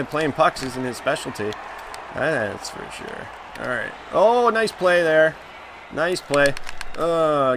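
A man commenting live on the hockey video game he is playing, reacting loudly to each play and groaning at his mistakes. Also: on the high side, background noise. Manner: excitable, reacts loudly, groans and laughs at plays. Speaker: gaming channel host.

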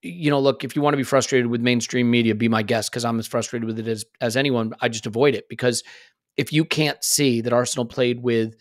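A man's voice: medium pitch, steady tone, a little fast, dry recording, clean studio sound. A man hosting a football podcast, giving worked-up opinions in casual chat. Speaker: podcast host.

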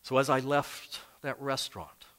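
A medium-pitched, somewhat bright voice belongs to an older man preaching as a pastor at a moderate pace. He shares personal anecdotes conversationally in this storytelling sermon.

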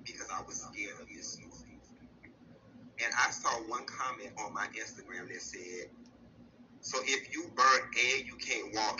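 A man's voice: lowish voice, pushed and bright. A man co-hosting a casual gossip talk show, sassy and joking, often laughing as he talks. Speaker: co-host. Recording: dull lo-fi sound with clear background noise.

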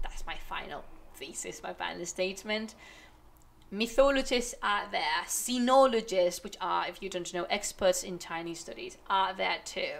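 A young woman who speaks natively, streaming casual commentary to her chat, ranting in an animated, exasperated way with laughs. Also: lowish voice, vocal fry.

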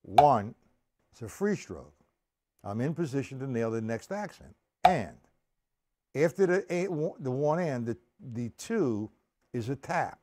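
A man's voice: mid-range voice, big pitch swings, normal speed, darkish tone. A man teaching a drum lesson on a live stream, counting the beats aloud and explaining each stroke step by step.

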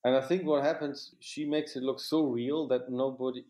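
A man's voice: mid-range voice, steady tone, normal speed, dark tone. A man, a cinematographer, recalling his work in an interview, often restarting sentences and filling with "you know". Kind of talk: reflective interview recollection.

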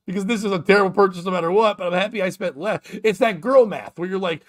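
A man's voice: sits high, quick pace, hardly any pauses. A man hosting a casual comedic talk show, riffing and ranting with lots of swearing. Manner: profane, riffing, rambling rants. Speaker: podcast host.

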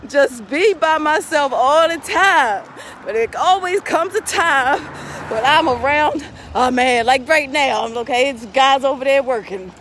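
A woman's voice: high-pitched, lively intonation, a little slow, fairly bright tone, slight background noise. A middle-aged woman pastor praying and chatting casually on a live stream outdoors by a street, laughing often between phrases.

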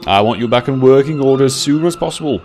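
A man's voice: medium pitch, animated, fast talker, darkish tone, pitched above the performer's own voice, close to an everyday voice. A man voicing a stern, portly older railway boss in a storybook tale. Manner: stern, disappointed. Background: background music.

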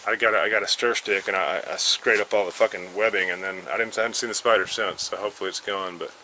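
A man's voice: on the low side, steady tone, quick pace, bright, forceful tone, a little hiss or hum, rough recording. A man rambling casually and with lots of swearing while he tells a story from his cluttered shed. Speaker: vlogger.

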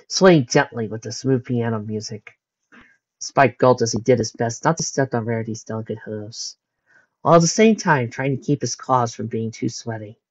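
Animated woman reading a fan story. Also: rumbling low, highs cut off. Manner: animated, brisk narration. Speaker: fanfiction reader.

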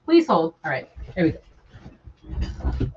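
A woman's voice: low-pitched, big pitch swings, slow pace, highs cut off, noisy background. A woman from Chicago, chatting casually and joking with viewers on a live stream while working on a sewing project at home. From Chicago, USA. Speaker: sewing vlogger.

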